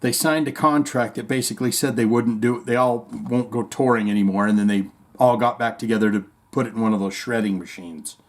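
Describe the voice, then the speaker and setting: A man's voice: medium pitch, steady tone, brisk, hardly any pauses. A male podcast host giving comedic rock news commentary, riffing profanely and animatedly between the news items he reads out.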